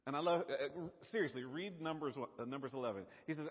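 A man preaching a sermon in an animated, conversational way, with fillers and repeated words. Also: on the high side, brisk, husky. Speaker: pastor. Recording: dull lo-fi sound, long hall reverb.

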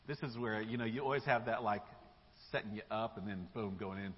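Animated preacher in an echoing church. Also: male voice, on the low side, normal speed, breathy edge. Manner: animated storytelling with casual slang. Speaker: pastor. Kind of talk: sermon. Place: church sanctuary. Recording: dull live church recording with long hall echo.

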